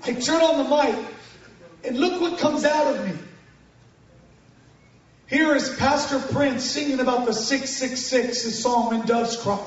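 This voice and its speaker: A man giving a sermon testimony to a congregation, telling his story with animated bursts of shouting and banter with the crowd. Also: extremely high pitch, a little slow, pauses often. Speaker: guest preacher giving testimony. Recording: echoey hall from far off, dull sound.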